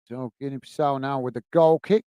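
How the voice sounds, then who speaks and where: A man hosting a football watch-along, commentating on the match and chatting warmly with viewers in the chat. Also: medium pitch, steady tone, a little fast, smooth, no echo. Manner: chatty, says "mate" a lot, reads chat messages aloud.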